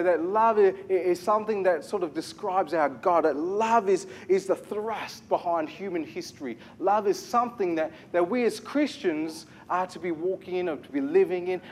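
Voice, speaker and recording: A man preaching with a fairly high voice, lively and emphatic, often putting questions to his listeners and repeating his key words. A faint hum of noise sits behind him. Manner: animated preaching with rhetorical questions and repetition. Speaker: pastor. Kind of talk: sermon.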